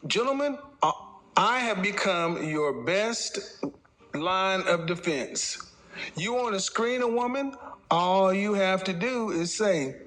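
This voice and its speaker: A man's voice: high-pitched, expressive, a bit bright. A man giving a casual opinion monologue as a dating commentator, speaking mockingly and addressing his audience directly. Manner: mocking, lecturing, slips into quick impressions.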